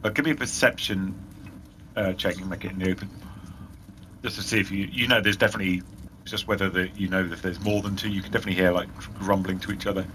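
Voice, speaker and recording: A man narrating as game master, in a relaxed way full of fillers and restarts. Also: low voice, fast talker, slight background noise.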